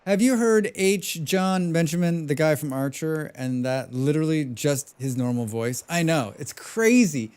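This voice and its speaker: A man's voice: a little high, animated, measured pace, hardly any pauses, a little mellow, clear, resonant tone. A man streaming a video game, rambling and joking about himself as he plays. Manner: rambling, joking, self-deprecating. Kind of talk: casual gaming livestream commentary.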